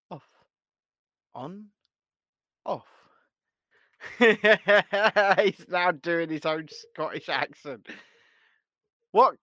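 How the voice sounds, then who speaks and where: Bright-voiced, slow-talking man hosting. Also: on the high side, no room sound. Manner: swears a lot, laughs often, banters. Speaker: livestream host. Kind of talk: casual live chat.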